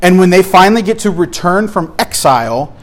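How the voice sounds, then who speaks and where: A man's voice: high-pitched, lively intonation, fairly quick. A man teaching a Bible study lesson from slides, talking in a conversational, emphatic way and often restarting his phrases.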